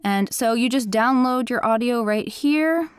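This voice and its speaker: A woman who works as an audiobook narrator, hosting a casual software tutorial in a chatty, enthusiastic way. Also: on the high side, a little slow, clear, resonant tone, no echo, clean studio sound. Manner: chatty and enthusiastic, self-described critical listener.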